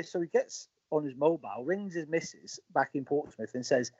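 Husky-voiced man telling lively anecdotes. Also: a little high, moderate pace, hardly any pauses, no room sound. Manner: animated storyteller acting out quoted dialogue. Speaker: former footballer, interview guest. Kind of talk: casual anecdotal storytelling. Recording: slightly muffled, dry audio.

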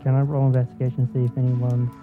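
A man's voice: mid-range voice, monotone, racing, over music. Playful guy at a tabletop game, trips over words, sounds like phone line. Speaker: tabletop player. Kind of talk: casual game chat.

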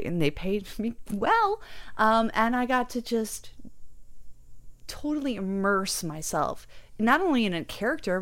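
A young adult woman performer talking in a casual conversation, rambling, animated and self-deprecating, laughing often. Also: medium pitch. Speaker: guest performer and musician.

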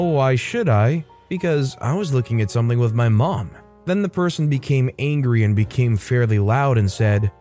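A man reading posts aloud as a storytime narrator, adding short comments of his own and shifting his pitch a little for quoted lines. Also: mellow. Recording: faint guitar music behind.

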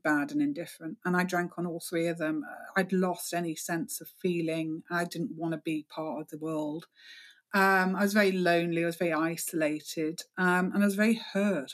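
Frank woman, wry and self-deprecating. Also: fairly low pitch. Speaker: guest. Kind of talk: candid interview talk.

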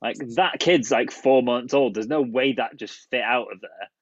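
A man's voice: medium pitch, moderate pace, husky, no room sound. A man on a casual podcast who questions the story in disbelief and swears freely. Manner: incredulous, sweary, poking holes in the story. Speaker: podcast co-host. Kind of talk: casual chat. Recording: dry, dull lo-fi mic.

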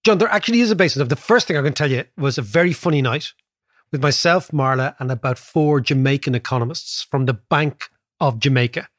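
A man with an Irish accent, co-hosting a podcast in casual chat, telling stories in an animated way and often asking "right?". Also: medium pitch, no room sound, clean studio sound. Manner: animated, quick storyteller, keeps asking "right?". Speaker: podcast co-host, economist.

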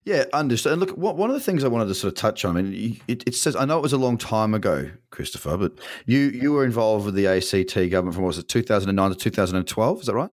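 A man's voice: lowish voice, expressive, fast, few pauses, no echo, studio quality. An Australian man hosting a casual interview, asking long rambling questions with many restarts. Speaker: podcast host.

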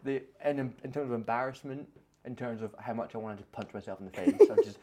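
A man's voice: mid-range voice, quick pace. A young man co-hosting a podcast, telling stories in casual chat with frequent laughter. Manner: laughs often, animated storytelling. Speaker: podcast co-host.

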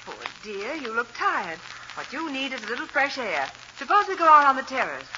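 An actress playing a genteel, doting wife with a refined manner, in 1940s radio acting. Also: female voice, high voice, big pitch swings, fairly quick. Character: fussing affectionate wife, genteel, anxious. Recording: hissy, muffled 1940s radio recording.

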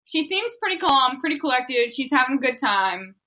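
A young woman co-hosting a casual comedy podcast, sarcastic and quick to interrupt with jokes. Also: high-pitched, sing-song, bright, forceful tone. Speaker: podcast co-host.

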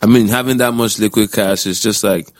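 A man's voice: lowish voice, steady tone, a little fast, no room sound. A young man co-hosting a podcast, laid-back with dry humor. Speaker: podcast co-host. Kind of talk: casual podcast chat.

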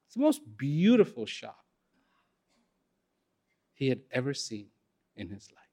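A man telling a story in a talk, unhurried and expressive, with dramatic pauses. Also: mid-range voice. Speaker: speaker.

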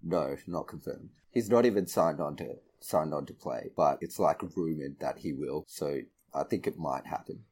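A man's voice: rumbling low, normal speed, hardly any pauses, a little mellow, breathy edge. A man co-hosting a casual film podcast, laid-back, swearing freely and laughing easily. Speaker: podcast co-host.

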